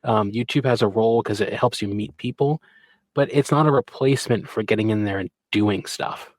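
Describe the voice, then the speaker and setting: A man's voice: lowish voice, dry recording. Thoughtful man on a dry podcast mic. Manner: thoughtful, reflective, measured. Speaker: podcast co-participant, model railroader. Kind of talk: casual conversational talk.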